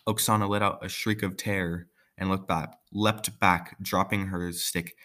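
A man's voice: low voice, little pitch movement, a little slow, bright, forceful tone. A man reading a folk tale aloud, breaking off for joking, offhand asides. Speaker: story reader.

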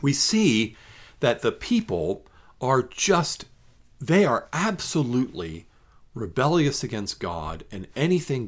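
A man, a pastor, reads scripture aloud and then comments on it in an emphatic, conversational devotional. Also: mid-range voice. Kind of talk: Bible reading and devotional commentary.

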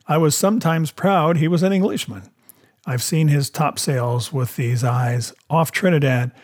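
A man voicing a hot-headed, exclamatory gentleman squire in a storybook reading, with a husky voice. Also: a little high. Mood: boastful. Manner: exclamatory, boastful. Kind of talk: audiobook character voice.

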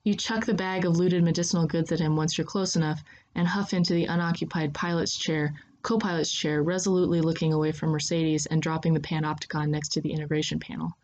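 Low-voiced woman narrating a story. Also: level tone, fast, few pauses, a little mellow, lo-fi sound. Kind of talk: scripted second-person story narration.

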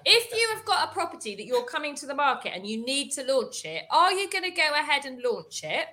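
Female co-host, high lively bright voice, animated rants. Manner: animated, exasperated rants with quick laughs. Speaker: podcast co-host, estate agency owner. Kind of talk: casual chat.

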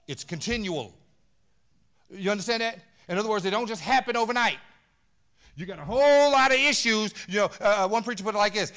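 Male pastor, high and sharp-toned, punchy conversational sermon in a church. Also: animated, fast. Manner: emphatic, conversational preaching with many repeated words. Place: church sanctuary.

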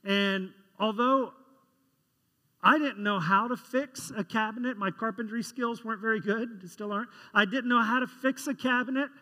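Pastor guy preaching to the congregation, bright forceful voice, chatty storyteller. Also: high voice. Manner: conversational storytelling, asks the congregation questions. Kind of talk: sermon. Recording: long reverb of a large hall.

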